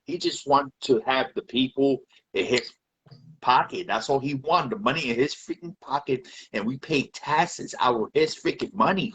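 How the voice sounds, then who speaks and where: A man's voice: medium pitch, normal speed, a bit bright, husky, poor audio. A man giving a heated, repetitive rant on a live video. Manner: heated, repetitive, swears often. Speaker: live video chat participant.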